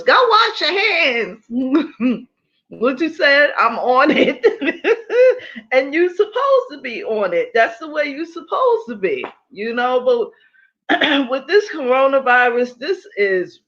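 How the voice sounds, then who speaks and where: A middle-aged woman hosting a casual livestream, talking in an animated way, laughing often and repeating her points for emphasis. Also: on the high side, highs cut off. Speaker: livestream host.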